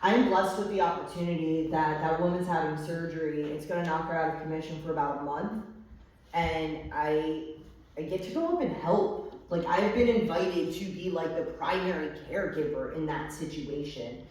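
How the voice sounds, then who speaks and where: A woman's voice: low-pitched, normal speed, darkish tone. Woman testifying in an echoey room. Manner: candid and profane, frequent fillers. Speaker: recovery meeting speaker. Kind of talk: personal testimony to a group. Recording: echoey room, distant mic.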